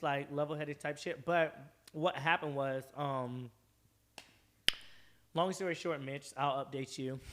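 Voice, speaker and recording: A young man from Georgia tells a story as a podcast guest, and his voice sits a little high for a man. He talks in a lively, profane way and acts out everyone he quotes. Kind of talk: casual storytelling.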